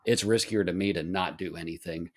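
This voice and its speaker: Low-voiced earnest firefighter host. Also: male voice, steady tone, a little fast. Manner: earnest, rambling, with frequent restarts. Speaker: podcast host, firefighter training officer. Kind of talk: casual podcast conversation.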